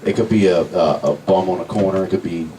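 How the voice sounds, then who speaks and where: A man's voice: low-pitched, fairly even intonation, fast talker, mellow. A man in a band, chatting casually in an interview, rambling a little with restarts. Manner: laid-back, rambling with restarts. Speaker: band member. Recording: distant mic with faint background noise.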